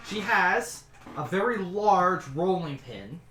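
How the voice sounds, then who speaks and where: A game master narrating a tabletop game in a relaxed way, with quick asides. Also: medium pitch, reverberant, faint music behind.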